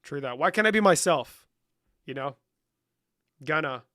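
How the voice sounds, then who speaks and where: Young man, streamer, bright tone, dry close sound, joking and profane, reading chat. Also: a little high, animated, unhurried, dry recording. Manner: joking, trolling, profane banter. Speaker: livestream host. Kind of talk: casual livestream chat reading comments.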